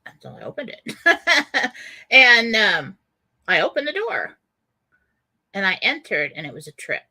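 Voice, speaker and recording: A woman's voice: fairly high pitch, wildly swooping pitch, unhurried, pushed and bright. A woman radio host telling a personal story in a casual way, with many fillers and frequent laughs.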